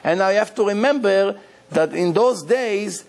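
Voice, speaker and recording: A man giving a religious lecture as a rabbi, emphatic and animated, repeating key phrases as he tells stories. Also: high-pitched, unhurried, creaky.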